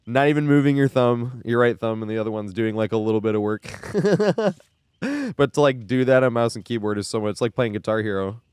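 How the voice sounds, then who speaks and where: A man streaming a game live with a mid-range voice. His delivery is loose and chatty, full of quick laughs and sarcastic asides. The sound is close and dry. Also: mid-range voice, a little mellow, clean tone, no room sound. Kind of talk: casual live-stream commentary.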